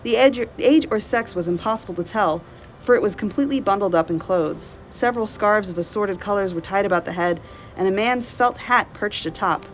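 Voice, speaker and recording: A woman's voice: mid-range voice, a little fast, slight background noise, low-quality recording. Woman librarian reading a novel aloud.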